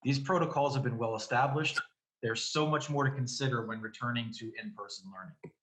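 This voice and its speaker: A man, a committee member, giving a firm, measured prepared statement at a board meeting. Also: mid-range voice, fairly bright tone, echoey room, poor audio.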